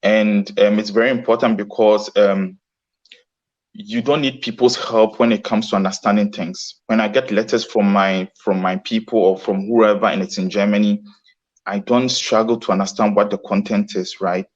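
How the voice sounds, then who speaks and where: A man's voice: lowish voice, steady tone, moderate pace. Earnest guy in an interview, keeps restarting, bit muffled audio. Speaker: guest. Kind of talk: casual interview.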